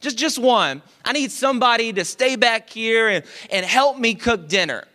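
A man voicing a kindly but bossy grandmother who coaxes in a quick, matter-of-fact way. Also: very high voice, lively intonation, bright, forceful tone, exaggerated voice. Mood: coaxing.

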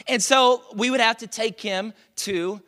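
A man's voice: sits high, measured pace, sharp tone. A man preaching a sermon as pastor, conversational and joking, asking the congregation rhetorical questions.

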